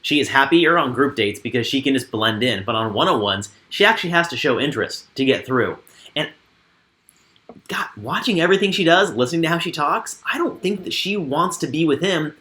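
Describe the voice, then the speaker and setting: A man co-hosting a casual recap show with a bright, forward tone. He reads from his notes and adds dry asides in a relaxed, chatty way. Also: on the high side, fairly quick. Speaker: co-host.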